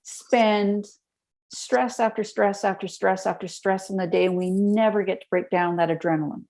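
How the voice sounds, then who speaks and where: A woman appears as a guest on a podcast, telling lively stories and walking through health tips step by step in a conversational interview. Her voice is medium in pitch and her pace is moderate.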